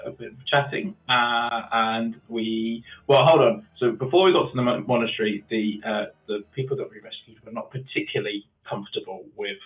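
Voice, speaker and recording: A man's voice: mid-range voice, fairly even intonation, normal speed, hardly any pauses. A man, a tabletop game player recapping the last session in a hesitant way, full of ums and restarts. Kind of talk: casual chat over a voice call. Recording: tinny phone-like call audio.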